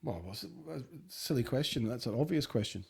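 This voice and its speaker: A man's voice: mid-range voice, animated, a little fast, vocal fry, darkish tone, slightly rough. A Scottish man co-hosting a podcast, giving blunt opinions in casual chat. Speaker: podcast co-host.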